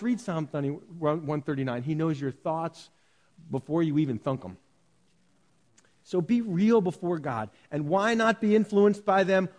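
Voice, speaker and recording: Conversational middle-aged preacher. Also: male voice, on the high side, darkish tone. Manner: conversational preaching with mock-pompous quoted prayers. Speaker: pastor. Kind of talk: sermon. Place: church hall.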